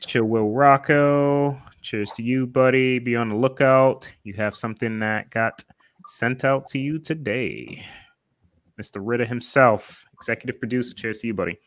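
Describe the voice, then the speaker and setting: A man's voice: mid-range voice, normal speed, no room sound. Chill guy on a livestream reading chat names, laughs a lot, easygoing. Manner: laid-back, laughs often, reads out chat names. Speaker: livestream co-host. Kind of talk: casual livestream chat, greeting viewers.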